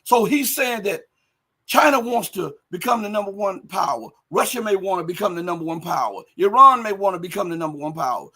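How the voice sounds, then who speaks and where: Husky high-voiced man ranting on a livestream. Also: animated, fairly quick. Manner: emphatic, rhetorical questions, builds to shouting. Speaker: livestream host. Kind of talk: casual commentary reading viewer chat.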